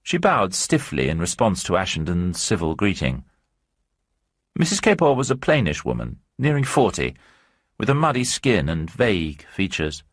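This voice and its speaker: A man reads a short story aloud at a measured storytelling pace. His low voice is a touch husky. It rises and falls expressively and sounds dry and close to the mic. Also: wildly swooping pitch, dry recording. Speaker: narrator. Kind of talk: scripted narration of a short story.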